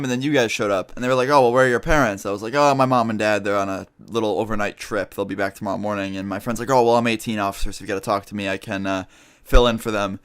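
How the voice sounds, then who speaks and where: A man's voice: on the low side, a bit bright, smooth. A teenage guy telling a story in a casual vlog, rambling and swearing as he acts out what people said. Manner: profane, rambling, recounts with quoted dialogue. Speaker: vlogger.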